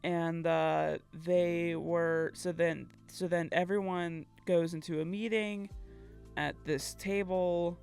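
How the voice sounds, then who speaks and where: A woman's voice: lowish voice, fairly even intonation, slow pace, gravelly, a little mellow, clear, resonant tone, faint music behind. A woman co-hosting a podcast, recapping a game story in casual chat, acting out the characters' lines and laughing often. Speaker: podcast co-host.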